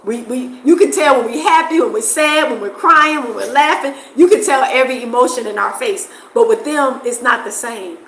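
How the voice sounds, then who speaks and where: An expressive woman from the States, chatting casually to camera. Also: high voice, normal speed, few pauses, roomy sound, rough recording. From United States. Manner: expressive, animated, laughs often. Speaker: vlogger.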